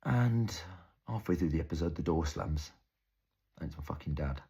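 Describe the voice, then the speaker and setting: A young man delivers a dramatic monologue in a very deep voice. His voice is strongly husky and rough. He tells the story intensely and haltingly, with frequent swearing. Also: mellow. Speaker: actor.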